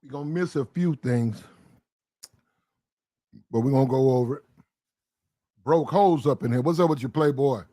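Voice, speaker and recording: A man's voice: mid-range voice, normal speed, long pauses, mellow, dry recording, clean studio sound. A man hosting a live stream, chatting loosely and rambling, often repeating himself. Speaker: streamer and host. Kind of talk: casual live-stream commentary.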